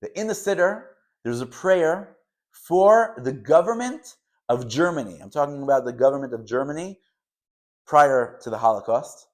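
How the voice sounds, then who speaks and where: A man teaching a Torah lesson to camera, talking with passion and swinging between loud emphasis and quiet asides, with Hebrew and Yiddish words mixed into his English. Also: fairly high pitch, expressive, normal speed.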